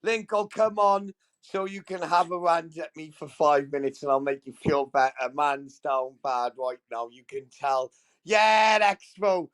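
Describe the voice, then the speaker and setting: A foul-mouthed male livestreamer with a high, wildly swinging voice, mocking and ranting with sudden loud outbursts. He speaks in casual, crude banter. The sound is close and dry, with no room echo. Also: animated, unhurried, clean tone. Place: at home with dogs nearby.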